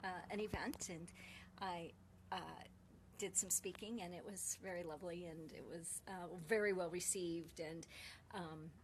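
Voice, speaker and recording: A woman's voice: lowish voice, fairly even intonation, unhurried. A middle-aged woman hosts a live online show from home. She talks casually and tells stories, playing out each side of a conversation. Faint noise sits under her voice. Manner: chatty storytelling, acting out both sides of a dialogue. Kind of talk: casual live-stream talk.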